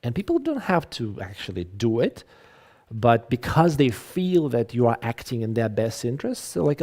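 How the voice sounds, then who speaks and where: A man giving an online English lecture over a video call, talking in a lively, conversational way with frequent fillers and restarts. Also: mid-range voice, moderate pace.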